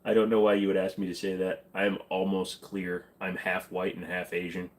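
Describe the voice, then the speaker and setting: Easygoing lower-voiced man chatting on a livestream. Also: level tone, fairly quick. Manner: loose, joking, rambling with many fillers and restarts. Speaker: livestream host. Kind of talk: casual livestream chat with viewers. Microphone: desk microphone.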